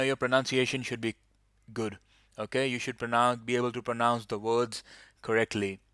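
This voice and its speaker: A man's voice: mid-range voice, fairly bright tone, clear, resonant tone, dry recording, clean studio sound. A man teaching an English speaking-test lesson, explaining patiently with many fillers. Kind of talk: online lesson.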